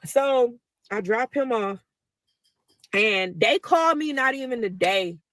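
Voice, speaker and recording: A woman's voice: a little high, lively intonation, slow, a bit bright, no echo. Emotional woman telling a story, dry sound. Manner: talkative, emotional, addresses listeners as y'all. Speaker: mother telling a personal story. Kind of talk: casual storytelling to viewers.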